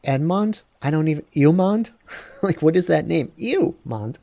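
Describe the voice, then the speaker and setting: A man's voice: a little high, animated, measured pace, gravelly, dark tone, dry recording. A man hosting a let's play, talking through his game in a rambling, digressive, self-deprecating way. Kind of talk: casual gameplay commentary.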